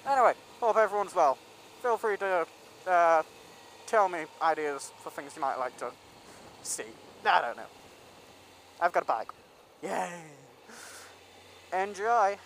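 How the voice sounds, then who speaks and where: A man's voice: fairly high pitch, moderate pace, pauses often, fairly bright tone, slight background noise, low-quality recording. A young man telling a rambling story in a casual vlog, full of ums and restarts. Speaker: vlogger.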